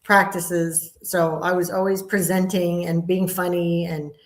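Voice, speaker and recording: A woman in her fifties chats candidly and tells stories with upbeat energy. Her voice sits a little low, and the room around her sounds echoey. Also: level tone, measured pace. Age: 50s. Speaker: comedian guest. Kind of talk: casual interview chat.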